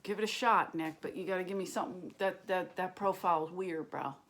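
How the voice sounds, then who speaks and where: A woman's voice: lowish voice, fast, fairly bright tone. This is a woman comedian at home in her kitchen, answering viewers' questions in a loose, meandering way. She talks crudely, fills gaps with ums and uhs, and slips into whispered asides. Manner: rambling and crude, with many fillers and whispered asides. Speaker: stand-up comedian.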